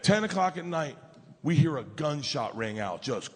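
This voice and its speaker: A man doing stand-up storytelling, loud and profane, acting out his family in quick voices. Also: a little high, very animated, breathy edge. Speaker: stand-up comedian. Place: large comedy venue, indoors. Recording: live venue with long reverb and audience noise. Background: crowd laughter and ambience.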